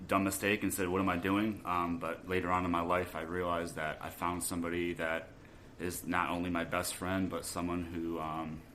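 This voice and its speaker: Man, very low voice, bright edge, hesitant, rambling, casual podcast guest. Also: level tone, normal speed, a little hiss or hum. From Florida. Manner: rambling and hesitant, full of ums. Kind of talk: casual chat.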